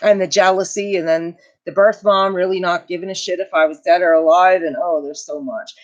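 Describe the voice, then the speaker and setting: A middle-aged woman hosts a casual livestream on her channel, speaking a little fast in a lowish voice with fairly even intonation. She tells a family story with emotion and indignation and answers viewer comments, all on a dull, lo-fi home recording.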